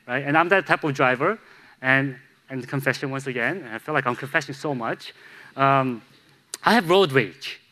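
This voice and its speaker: Candid, bright-voiced male pastor preaching. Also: mid-range voice, normal speed. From Chicago, USA. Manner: candid, self-deprecating, humorous storytelling. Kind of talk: sermon.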